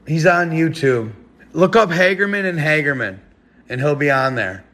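A young man talking casually to his viewers on a live stream. His voice sits a touch high for a man, and he rambles in heavy slang, often laughing between thoughts. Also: animated, moderate pace, bright, forceful tone.

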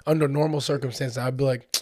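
A young man co-hosting a podcast, joking and teasing in animated banter. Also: medium pitch, fast talker. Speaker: podcast co-host. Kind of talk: casual podcast chat.

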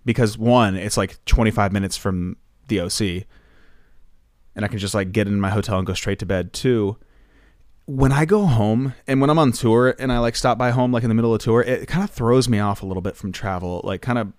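A man's voice: fairly low pitch, fairly quick, no room sound. A man, a guest pop singer, telling a casual rambling story full of filler words into a close mic.

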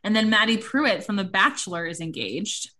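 A woman's voice: medium pitch, expressive, moderate pace, sharp tone. A woman co-hosting a casual gossip chat, swearing freely and mimicking people as she talks. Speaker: podcast co-host.

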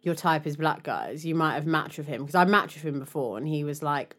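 Animated young woman. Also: deep voice, quick pace, hardly any pauses. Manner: animated, laughing, mimics voices in stories. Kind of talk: casual chat.

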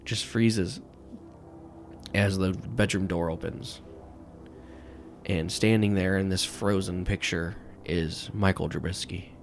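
Man, game master, very low voice, gravelly, rambling narration. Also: fairly even intonation, slow pace, long pauses, faint music behind. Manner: rambling, full of "like" and "um".

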